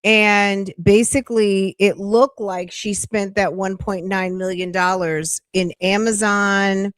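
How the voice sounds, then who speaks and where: A woman's voice: mid-range voice, steady tone, slow pace, no room sound, studio quality. A woman hosting a casual true-crime news chat, chatty and emphatic with sassy asides. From New York. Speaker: true-crime commentary host.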